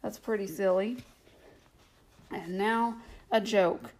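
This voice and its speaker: A woman hosting a children's show, reading a bedtime story in a gentle, playful way. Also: mid-range voice, expressive, measured pace, poor audio. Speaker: host and storyteller.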